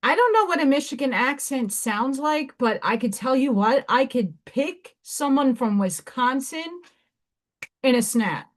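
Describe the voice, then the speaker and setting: A woman with a New York accent, somewhat hoarse, hosting a live stream where she chats excitedly and reads oracle-card affirmations aloud. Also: sits high, measured pace. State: hoarse, voice weakened. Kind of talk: casual live-stream chat and card reading.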